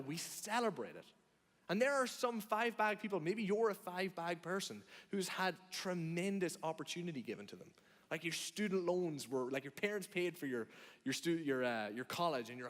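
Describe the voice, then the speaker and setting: A man's voice: high-pitched, a bit bright. A man preaching a sermon in a conversational way, asking the audience questions and acting out reactions. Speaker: pastor. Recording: long hall reverb.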